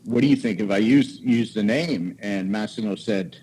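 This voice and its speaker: A man in his forties, a guest cigar maker, telling stories in a casual, animated way and acting out quoted voices. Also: fairly low pitch, moderate pace, a little hiss or hum, low-quality recording. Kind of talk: casual storytelling.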